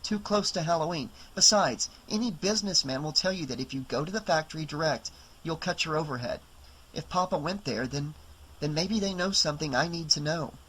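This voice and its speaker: A woman's voice: low-pitched, a little fast, slight background noise, lightly acted, poor audio. A man reading an audiobook, voicing a determined, defensive young woman who talks in clipped, insistent bursts.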